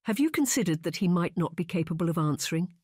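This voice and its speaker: A fretful, kindly gentlewoman urging her friend to move on, as read by an audiobook narrator. Her tone is earnest and coaxing, in a mid-range voice recorded close and dry. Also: mid-range voice, animated, quick pace, breathy edge, dry recording, voice pushed up. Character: anxious, well-meaning female friend. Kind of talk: audiobook character reading.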